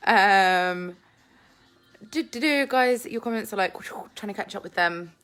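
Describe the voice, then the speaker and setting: A woman's voice: mid-range voice, a little slow, a bit bright, clean tone. Chatty woman on a phone live stream. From England. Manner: chatty, reads viewer comments aloud, laughs often. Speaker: vlogger hosting a live Q&A. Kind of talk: casual live-stream chat. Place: at home with family. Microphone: phone held in hand.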